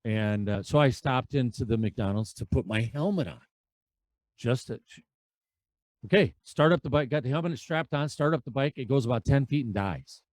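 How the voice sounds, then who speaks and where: A man in his fifties telling road stories as a podcast guest, animated and acting out the dialogue. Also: mid-range voice, normal speed, no echo. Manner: animated storyteller who acts out dialogue. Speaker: podcast guest, veterans' charity rider. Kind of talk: conversational storytelling.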